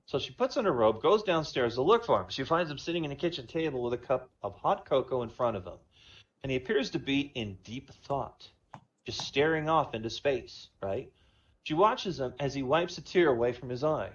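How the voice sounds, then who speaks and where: A man doing chatty stand-up, telling jokes in an animated storytelling way over a dull online voice chat. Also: medium pitch, fairly quick. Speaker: stand-up comedian.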